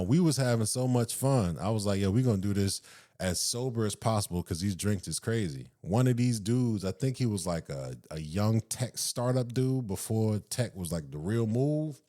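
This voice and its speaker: A man's voice: on the low side, moderate pace. A man in his thirties with a Southern US accent, a podcast host telling a profane story and acting out the quotes in raised voices. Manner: animated, acts out quotes in raised voices, profane, laughs often. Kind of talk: casual storytelling.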